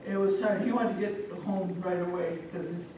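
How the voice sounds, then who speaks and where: A woman from Omaha telling a folk tale live to an audience, animated and speaking directly to listeners. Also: fairly low pitch, normal speed, a little hiss or hum. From Omaha, Nebraska. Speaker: storyteller. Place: live public event, echoey room. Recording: echoey hall from far off.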